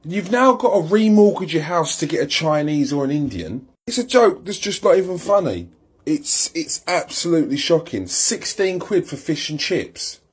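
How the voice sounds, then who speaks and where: A man rants in outrage, repeating his points for emphasis. His pitch swings lively up and down. His voice has a husky edge. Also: normal speed. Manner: outraged, repetitive complaining. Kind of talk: indignant rant to camera.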